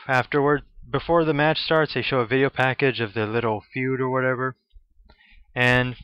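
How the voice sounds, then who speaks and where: A man giving a casual, rambling spoken review, sarcastic and profane, with quick asides. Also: mid-range voice, dry recording, dull audio. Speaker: wrestling show reviewer.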